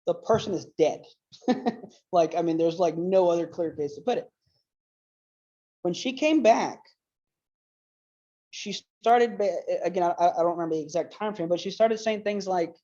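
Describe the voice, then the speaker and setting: A man's voice: sits high, normal speed, long pauses, warm tone, muffled recording. A man giving an earnest, casual storytelling talk, rambling with many fillers and getting emotional as he retells stories. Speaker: apologetics speaker.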